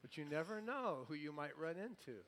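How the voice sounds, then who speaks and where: A male pastor preaching a sermon, lively and playful, with comic asides. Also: a little high, brisk, a little hiss or hum.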